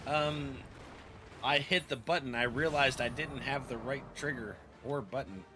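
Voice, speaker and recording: A man's voice: mid-range voice, measured pace. A man streaming an online game, chatting casually and rambling, often laughing at himself. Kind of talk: casual live-stream chat while gaming. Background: game music.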